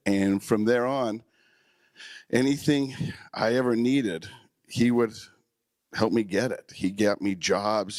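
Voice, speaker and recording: Guy giving a heartfelt memorial speech, kinda low voice, emotional, lots of ums, dry close sound. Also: no echo. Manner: emotional, warm storytelling with fillers. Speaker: memorial speaker. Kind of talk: heartfelt personal storytelling.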